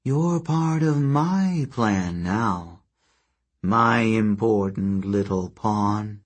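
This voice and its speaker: A man voicing a sleepy, ancient earth goddess in a slow, drowsy whispered role-play, with a husky voice. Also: lowish voice. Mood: menacing.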